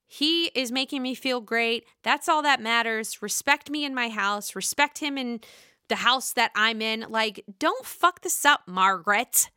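A woman's voice: fairly high pitch, measured pace, pushed and bright, clean tone, no echo, studio quality. A woman doing an impression of an indignant wife who swears while defending her husband. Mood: furious.

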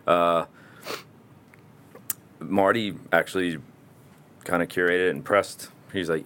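A man's voice: low-pitched, fairly even intonation, takes it slowly, long pauses, a bit bright, slight background noise. A young man talking casually and rambling about his mural work, with frequent swearing and laughs. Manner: laid-back, rambling, swears and laughs often. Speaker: muralist guest. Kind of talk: casual chat.

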